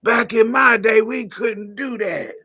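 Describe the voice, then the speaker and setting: A loud, insufferable old lady lecturing the young ones, her voice pitched high and stretched out slowly, as a woman puts her on. Each line is drawn out and crowing, with a raspy, smoker-like edge. She sounds pleased with herself while she scolds. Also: heavily acted. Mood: scolding.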